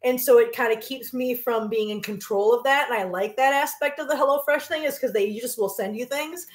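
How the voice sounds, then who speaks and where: A woman's voice: a little high, fairly quick. Chatty woman in an echoey kitchen. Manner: chatty, rambling, laughs often, coos at her cats. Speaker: cooking livestream host. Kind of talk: casual chat while cooking live. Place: home kitchen.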